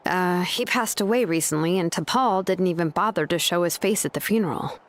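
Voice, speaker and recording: An actress voicing a friendly tribeswoman in a game who calmly explains things to the player. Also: on the low side, moderate pace, lightly acted. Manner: easygoing and explanatory. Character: friendly helpful tribe woman.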